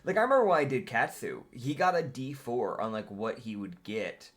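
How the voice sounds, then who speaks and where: A man's voice: mid-range voice, animated, normal speed. A young man acting as game master, chatting casually, laughing often and swearing freely. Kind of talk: casual tabletop game chat.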